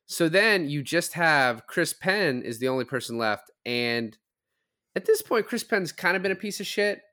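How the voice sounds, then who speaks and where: A man's voice: medium pitch, normal speed. A man hosting a podcast, casually recapping film scenes and acting out quoted lines as he goes. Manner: animated, retells scenes with quoted voices. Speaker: podcast host. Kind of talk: casual film review chat.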